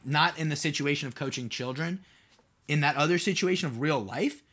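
A man hosts his own podcast as a casual solo monologue, rambling, tossing rhetorical questions at listeners and saying "like" a lot. He's a mentor figure whose voice is a little high, a little fast, fairly bright and slightly rough.

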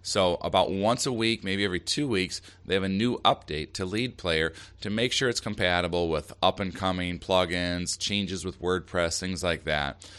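A man's voice: sits low, moderate pace, a bit bright, smooth. A man hosting a solo marketing podcast, giving upbeat, direct advice with emphasis. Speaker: podcast host.

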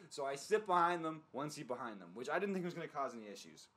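A young man spinning a long, animated story in a relaxed podcast chat. He swears freely and fills his talk with "like" and restarts. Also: on the high side, fast. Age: young adult. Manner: animated, profane storytelling with lots of fillers. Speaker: podcast co-host.

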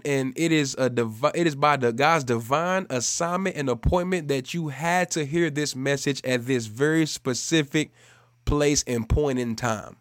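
An earnest man in his thirties delivers a sermon, repeating key phrases and rising into fervent exhortation. His voice sits in an ordinary middle pitch and sounds close and dry, with no room echo. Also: moderate pace. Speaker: preacher.

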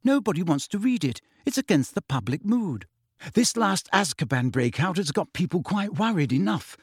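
A man voices a scheming middle-aged female reporter in a full character voice pitched above his own, cold, scornful and cackling yet businesslike. His delivery is high, husky and at normal speed with big pitch swings. The studio sound is clean and dry.

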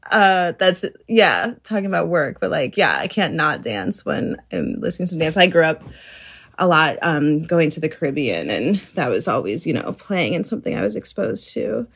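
A woman's voice: low voice, normal speed, vocal fry, slightly rough. A young adult woman chatting as an interview guest, bubbly and giggly as she tells stories. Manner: bubbly, giggly, lively storytelling. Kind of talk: casual interview chat.

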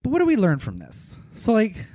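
Animated man with a lively voice. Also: high-pitched, fairly quick, no echo, studio quality. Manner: animated, laughs often, restarts sentences. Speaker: podcast co-host. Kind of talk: casual chat.

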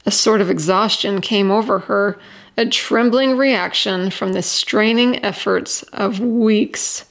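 A woman reading a short story aloud as storyteller, in a steady, expressive voice. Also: mid-range voice, a little slow.

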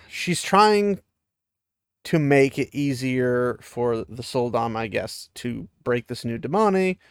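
A man's voice: mid-range voice, creaky, clear, resonant tone, no room sound, studio quality. A man chatting casually as he recaps a fantasy book, laughing at the story now and then.

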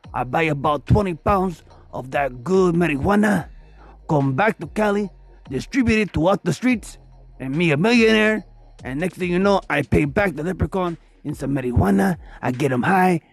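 Casting: man playing a cocky young street hustler, husky and a touch high, bragging swagger. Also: lively intonation, normal speed, faint music behind. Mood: boastful. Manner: brags with street slang, swaggering. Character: scheming young male street hustler, boastful.

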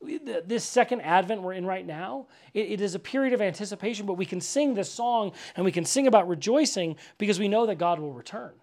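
A man's voice: sits high, expressive, brisk, hardly any pauses, a little mellow. A man giving a casual sermon as pastor, conversational and full of "like" fillers, stressing words with repetition. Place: church gathering.

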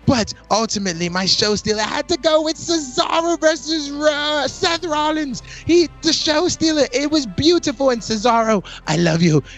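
A man's voice: very high-pitched, animated, moderate pace, hardly any pauses, a bit bright, soft background music. A man hosting a casual wrestling awards chat, playful and exaggerated, swearing freely. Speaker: podcast host giving awards.

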